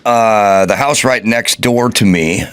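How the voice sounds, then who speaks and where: A man's voice: fairly low pitch, slow pace, a bit bright, smooth. A man co-hosting a podcast in casual chat, with a dry, indignant way of questioning. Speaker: podcast co-host.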